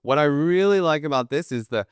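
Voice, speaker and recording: A man runs a jazz drum lesson in a smooth, resonant voice, recorded close and dry. He talks casually and eagerly, tossing in "right?" between examples, with a drum kit played in the pauses. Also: a little high, lively intonation, dry recording. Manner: casual, enthusiastic, keeps asking "right?". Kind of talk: instructional video lesson. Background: drum kit played between phrases.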